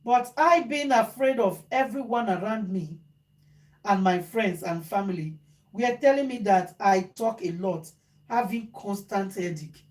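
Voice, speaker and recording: A woman talking casually to viewers as host, animated and repeating phrases for emphasis. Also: medium pitch, a little slow. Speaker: vlogger host. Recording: echoey room.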